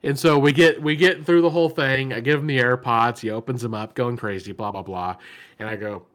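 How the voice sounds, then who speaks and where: A man co-hosting a casual podcast, telling animated stories, acting out what people said and swearing freely. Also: medium pitch, brisk. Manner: animated storyteller, acts out quotes, swears. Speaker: podcast co-host.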